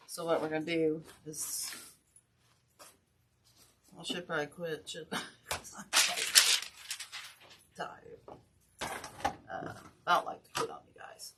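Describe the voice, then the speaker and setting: A wreath-making channel host with a low voice speaks at a measured pace, leaving long pauses. She runs a casual craft tutorial, chatting with viewers in a tired, self-deprecating way, over steady background noise.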